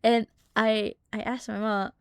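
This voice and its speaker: A young woman streamer telling family stories in casual, swear-heavy chat, animated and laughing often. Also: fairly high pitch, measured pace, smooth, no room sound, clean studio sound. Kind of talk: casual storytelling on a live stream.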